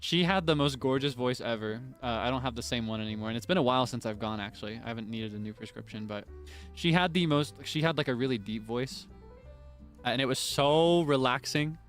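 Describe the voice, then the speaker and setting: A man's voice: mid-range voice, fast, a bit bright, faint music behind. A man streaming and chatting casually in a playful, rambling, self-deprecating way. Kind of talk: casual chat.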